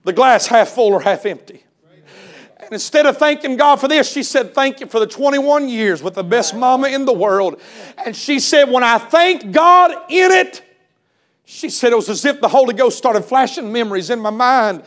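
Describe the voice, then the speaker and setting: A man delivers a revival sermon in a church, his voice riding very high. He swings from ringing shouts to near-whispers and stretches key words for emphasis as he tells a story. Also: lively intonation. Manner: impassioned, swings between shouting and hushed tones; storytelling, retells others' words with drawn-out emphasis. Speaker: preacher. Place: church service.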